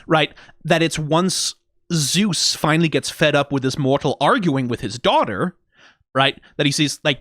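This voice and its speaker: A man's voice: a little high, lively intonation, normal speed, a bit bright, no echo, clean studio sound. A man hosting a reaction video, talking casually and animatedly, acting out characters' lines mockingly and swearing freely. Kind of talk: casual commentary.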